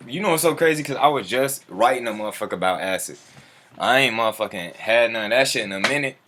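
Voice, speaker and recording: A man hosting a loose, unscripted livestream, talking in a somewhat low voice. He rambles in profane slang and reacts to viewer comments as they scroll by. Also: fairly bright tone, slight background noise. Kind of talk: casual livestream chat.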